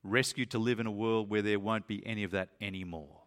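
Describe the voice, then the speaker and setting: A man's voice: steady tone, brisk, fairly bright tone. Earnest male preacher, emphatic sermon. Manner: earnest and emphatic, climbing higher when stressing points. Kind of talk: sermon with a read-aloud story.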